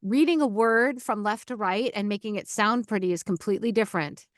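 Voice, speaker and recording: A middle-aged woman, a voice actor and coach, talking as an interview guest in an energetic, chatty way with many restarts and fillers. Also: mid-range voice, fairly quick, dry recording, studio quality. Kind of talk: casual interview talk.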